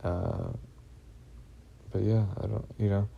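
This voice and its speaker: Brief: man, gravelly low voice, husky edge, anxious rambling vlogger who swears a lot and keeps restarting. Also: wildly swooping pitch, narrow, tinny audio. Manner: halting, full of fillers and restarts, heavy swearing; uneasy, anxious telling. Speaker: vlogger recounting personal experiences. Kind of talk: rambling first-person monologue.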